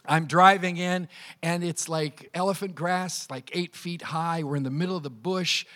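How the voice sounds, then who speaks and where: High-voiced pastor preaching. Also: male voice, normal speed. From Canada. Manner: animated storytelling, acting out quotes. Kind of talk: sermon.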